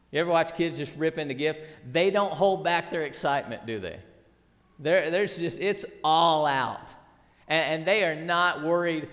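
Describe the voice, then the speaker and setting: In a fairly bright voice on the high side, a middle-aged man delivers a sermon as pastor. Long hall reverb surrounds his earnest, emphatic preaching, full of repeated words and rhetorical questions.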